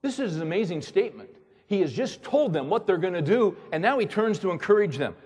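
Husky pastor preaching in a reverberant hall. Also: male voice, high-pitched, sing-song, brisk, a little mellow. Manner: emphatic, repeats words, fires rhetorical questions. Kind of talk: sermon. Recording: long reverb of a large hall.

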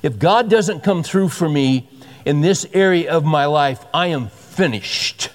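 A man's voice: fairly high pitch, animated, measured pace. A man preaching a sermon as a pastor, conversational and emphatic, often repeating himself for stress. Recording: long hall reverb.

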